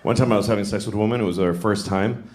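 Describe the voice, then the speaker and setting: A middle-aged male stand-up comedian telling stories in a deadpan, self-deprecating way and acting out voices. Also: on the low side, very fast. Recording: echoey live club recording with noise.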